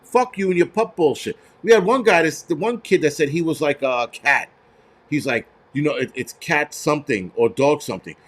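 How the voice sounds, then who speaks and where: A man's voice: fairly high pitch, animated, normal speed. A man hosting a show, ranting heatedly with lots of swearing and stumbling restarts. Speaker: host. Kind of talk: profane ranting commentary.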